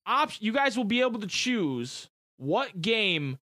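A chatty man co-hosting a casual podcast, his voice high and swooping all over the place. He talks excitedly in gamer slang. The sound is dry and close. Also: takes it slowly, no echo. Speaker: podcast co-host. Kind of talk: casual chat.

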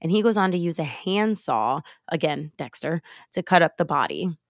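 A young woman hosting a podcast from home, retelling a movie plot in a casual, animated way, with sighs and laughs. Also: sits low, normal speed, gravelly, no room sound, clean studio sound. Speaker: podcast host. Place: home, late at night. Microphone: remote call recording.

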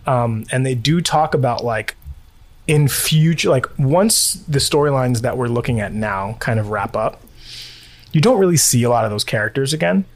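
Animated, rambling man on a podcast. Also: medium pitch, moderate pace. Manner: chatty, rambling, lots of fillers and laughs. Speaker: podcast co-host. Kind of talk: casual chat. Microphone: home recording setup.

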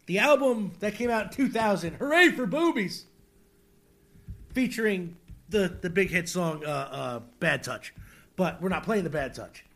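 A man's voice: high-pitched, animated, measured pace, gravelly, a bit bright. A man co-hosting a casual comedy podcast, mockingly reading song lyrics aloud and laughing often. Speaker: podcast co-host.

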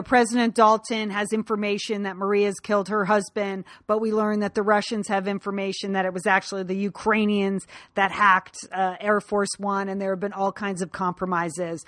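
A woman's voice: mid-range voice, dry recording, clean studio sound. Chatty woman recapping an episode. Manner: chatty, quick asides with frequent laughs. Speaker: podcast co-host. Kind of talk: casual chat recapping a TV episode.

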